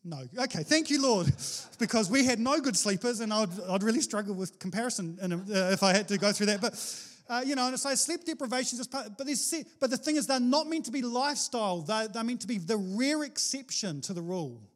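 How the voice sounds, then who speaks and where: A man preaching a sermon as pastor, animated and jokey, with sudden exclamations to the congregation. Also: very high voice, fast, hardly any pauses.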